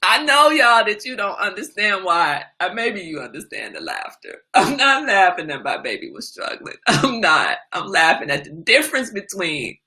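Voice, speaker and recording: A middle-aged woman hosting a casual live-stream talk, animated and laughing often. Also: mid-range voice, normal speed, hardly any pauses, husky.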